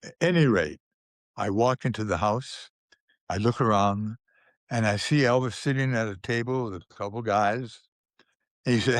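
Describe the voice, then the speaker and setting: An older man, a guest in an interview, telling anecdotes in an unhurried way, with restarts and small chuckles. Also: lowish voice, no echo, studio quality.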